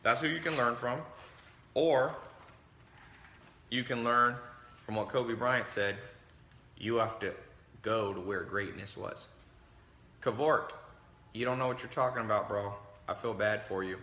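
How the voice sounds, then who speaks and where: A man hosting a livestream, giving a brash, animated motivational talk and acting out the voices he quotes. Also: mid-range voice, a little slow, long pauses, reverberant. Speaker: livestream host. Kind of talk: motivational talk to a live audience.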